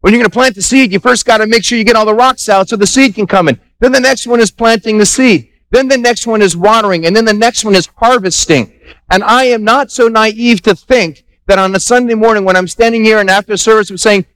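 A man pastor preaching a Sunday sermon, animated, acting out little dialogues and repeating himself for emphasis. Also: sits high, fairly quick, no room sound, poor audio. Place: church sanctuary.

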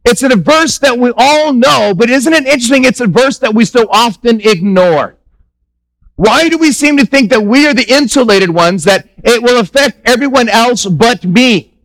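High-voiced man preaching a sermon. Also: lively intonation, normal speed, fairly bright tone, low-quality recording. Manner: conversational, emphatic preaching with rhetorical questions to the congregation. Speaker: pastor. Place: church.

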